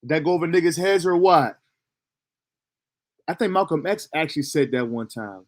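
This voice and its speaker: A man talks over clips in a relaxed, conversational way, full of slang. His voice sits a little on the high side. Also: moderate pace. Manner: laid-back, conversational, slangy. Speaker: reaction video host. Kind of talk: casual reaction commentary.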